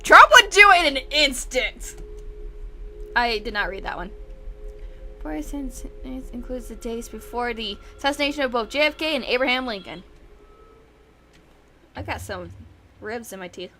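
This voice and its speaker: A woman giving excitable let's-play commentary, laughing as she goes and reading game text aloud. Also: on the high side, moderate pace, pauses often, slight background noise. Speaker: gameplay commentator.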